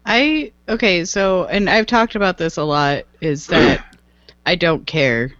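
A woman's voice: deep voice, lively intonation, a little slow, fairly bright tone, no room sound. Emphatic woman podcast host, dull dry sound. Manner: emphatic, repeats herself. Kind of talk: casual chat.

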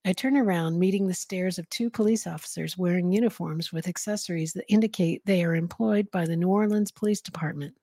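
Woman podcast host reading a book out loud, husky mellow voice, chatty asides. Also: fairly low pitch, fairly quick, hardly any pauses, no echo, studio quality. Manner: casual, giggly asides between passages. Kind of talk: reading a novel aloud with chat.

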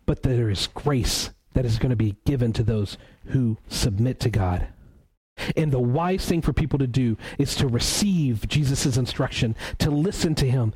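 Male pastor, warm mellow tone, earnest preacher who repeats words for emphasis. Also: on the high side, poor audio. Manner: reads scripture aloud slowly. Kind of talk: sermon.

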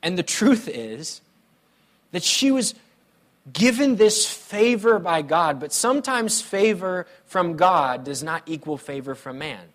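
A male pastor with a high-pitched voice takes his time as he preaches, sharing personal stories. He comes across as conversational and animated, mixing in playful humor.

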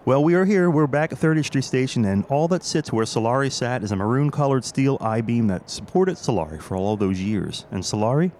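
A man's voice: medium pitch, lively intonation, fairly quick, hardly any pauses, darkish tone, a little hiss or hum. A man hosting a podcast, talking through an on-location audio diary inside a train station concourse in a chatty, nostalgic way with joking asides. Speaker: podcast host.

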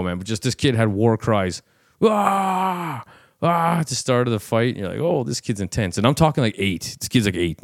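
A man hosting a fight podcast, chatting casually, rambling and excitable, full of restarts and fillers. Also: medium pitch, no room sound, studio quality. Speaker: podcast host and fight commentator.

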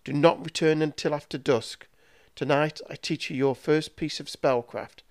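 A man's voice: medium pitch, animated, moderate pace, lightly acted. A man voicing a rude, hungover male wizard who snaps and sneers at his apprentice. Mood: commanding. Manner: sneering, snappish.

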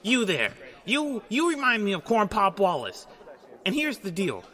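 A man's voice: sits high, wildly swooping pitch, a little slow, pushed and bright, exaggerated voice. Man doing a rambling old president. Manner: meandering, folksy digressions. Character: rambling elderly male president, folksy and confused.

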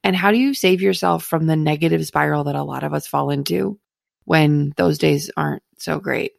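A woman podcast host asking long, thoughtful interview questions in a measured way. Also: deep voice, vocal fry, dry recording, studio quality.

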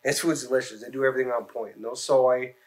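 A man's voice: mid-range voice, fairly even intonation, fast talker, crowd noise. A man on a podcast telling long, rambling, profane stories in casual chat.

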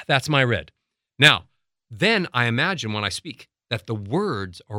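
A middle-aged man working as a voice coach, teaching breathing with lively, acted-out examples. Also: medium pitch, unhurried, no echo, clean studio sound. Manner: animated, acts out little scenes and demonstrates breathing. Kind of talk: instructional talk with acted examples.

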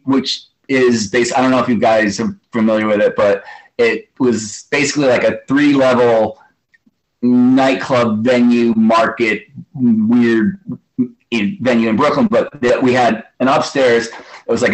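A guest drummer in his fifties tells stories during a casual interview, rambling, swearing offhandedly and acting out what other people said. His voice is medium in pitch, and the recording is rough.

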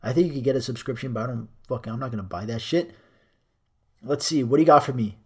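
A man's voice: medium pitch, quick pace, darkish tone, husky. A young man hosting a solo podcast, reading articles aloud and ranting about them in a profane, sarcastic way. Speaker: podcast host.

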